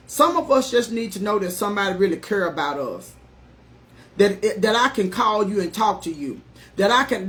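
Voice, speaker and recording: A woman's voice: medium pitch, fairly bright tone. A middle-aged woman life coach giving an earnest, emphatic, folksy motivational talk on a live stream.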